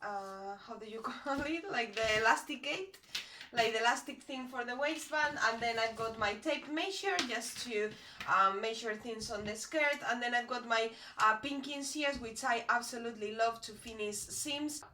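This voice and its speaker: A chatty woman talks her viewers through a sewing project, rambling and pausing to find her words. Her voice is bright and sits a bit high. The room around her is echoey. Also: slight background noise. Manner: chatty and rambling, with frequent hesitations. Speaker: sewing vlogger. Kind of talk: casual how-to chat. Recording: roomy echo.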